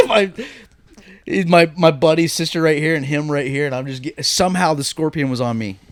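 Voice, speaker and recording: A man in his thirties on a podcast, telling stories in casual chat and breaking into high, shrieking laughs. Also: moderate pace. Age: 30s. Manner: animated storyteller, bursts into high laughing shrieks. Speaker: podcast co-host.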